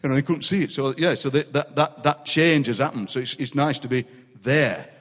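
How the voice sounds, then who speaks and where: A man in his sixties with a Yorkshire accent, telling animated, laughing anecdotes as the guest poet of a live interview. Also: mid-range voice, fairly quick. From Yorkshire, England. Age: 60s. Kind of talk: comic storytelling in a live interview. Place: large city hall, live audience. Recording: reverberant hall.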